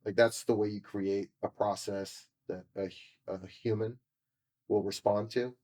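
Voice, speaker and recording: A man with a fairly low voice speaks as a podcast guest, telling a painful personal story with raw candor. He swears freely and acts out what others said to him. His delivery is confessional and emotional throughout. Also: fairly even intonation, a little slow, mellow. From California. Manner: raw, profane, re-enacts what people said. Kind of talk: candid storytelling interview.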